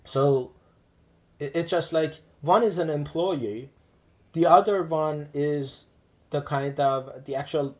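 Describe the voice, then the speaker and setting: A man's voice: fairly high pitch, slow. A man talking to the camera in a casual, reflective monologue. He hesitates often, with many fillers and restarts. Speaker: vlogger.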